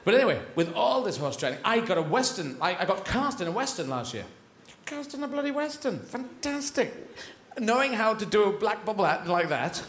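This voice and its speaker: Rambling stand-up comedian, roomy stage. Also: male voice, sits high, very animated, fairly quick, fairly bright tone, a little hiss or hum. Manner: rambling, playful, jumps into silly voices and sound effects. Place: live theatre stage with audience. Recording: roomy live stage recording.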